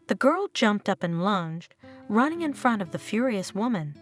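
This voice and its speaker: A woman narrating a dramatic story in an animated, expressive reading. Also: medium pitch, moderate pace. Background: soft guitar music.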